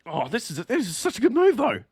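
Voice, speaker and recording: A man streaming a live watch-along of a motor race, excitable and sweary, laughing often as he reacts. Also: very high voice, quick pace, breathy edge, dry recording, studio quality.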